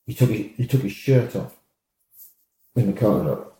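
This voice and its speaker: A man, a former football manager, telling lively anecdotes in an interview and acting out the lines of people in his stories. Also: on the low side, moderate pace. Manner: animated storyteller, acts out quoted dialogue, laughs often. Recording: roomy echo.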